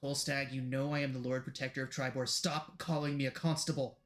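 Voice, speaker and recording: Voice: mid-range voice, flat delivery, a little fast, fairly bright tone, soft background music, close to an everyday voice. A game master putting on a stern irritated town protector woman. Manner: scolding, exasperated.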